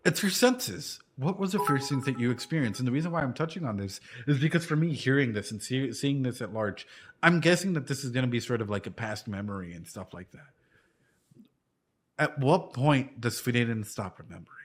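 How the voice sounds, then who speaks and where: A man in his thirties chats casually while reacting to an anime, drifting into a long, rambling story from his life as a martial arts coach. His voice sits at an ordinary middle pitch. He swears now and then and keeps checking in with "dude" and "right?". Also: expressive, brisk, husky.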